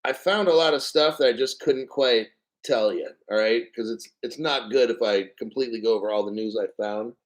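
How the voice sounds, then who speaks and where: A man hosting a casual livestream, rambling and profane and clearing his throat often. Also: mid-range voice, a little fast, low-quality recording. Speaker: crypto livestream host.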